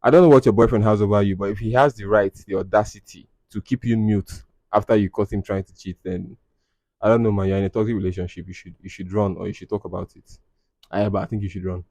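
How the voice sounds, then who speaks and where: A man's voice: on the low side, steady tone, fast, a little mellow, no echo. A man, hosting a podcast and reading confessions aloud in a casual, blunt, profane, teasing way. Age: 20s. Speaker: podcast host.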